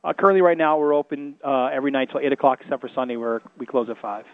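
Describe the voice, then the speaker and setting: A man's voice: medium pitch, rapid-fire, dry recording. A man who manages a restaurant, answering a radio host's questions and hesitating often with fillers. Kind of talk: radio interview guest. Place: inside a restaurant. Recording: narrow phone-like radio broadcast.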